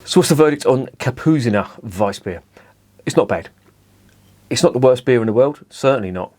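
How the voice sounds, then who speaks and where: A man's voice: mid-range voice, lively intonation, moderate pace, a little mellow. A middle-aged man with a blunt, sweary manner, ranting in a casual beer review and peppering it with "you know".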